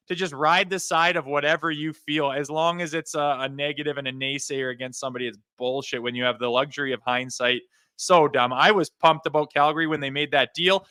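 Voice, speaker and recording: A man's voice: fairly high pitch, pushed and bright, smooth, dry recording. A man co-hosting a hockey podcast, ranting in a fired-up way and swearing freely. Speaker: podcast co-host. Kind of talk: heated hockey talk.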